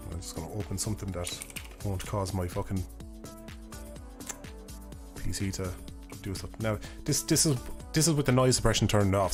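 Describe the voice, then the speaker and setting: His voice is low and a little mellow. He's a young Irish man on a live stream, chatting loosely into a desk mic and rambling along with offhand laughs and swearing.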